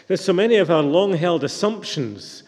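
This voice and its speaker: A man's voice: high voice, expressive, moderate pace, darkish tone, in a large hall. A man preaching a sermon in a reflective, questioning manner.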